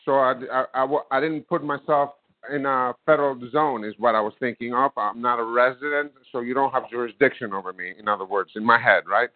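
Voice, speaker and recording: A man's voice: medium pitch, steady tone, fairly quick, no echo. A man in his fifties, calling in, who tells a story with many fillers and plays both sides of the conversation. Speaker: caller. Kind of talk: casual storytelling. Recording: dry phone-line audio.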